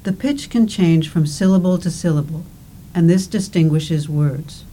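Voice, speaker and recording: Woman narrator for a language course: slow, careful, slightly low, warm delivery. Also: a little hiss or hum, poor audio. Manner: slow, deliberate, careful enunciation. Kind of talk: scripted instructional narration.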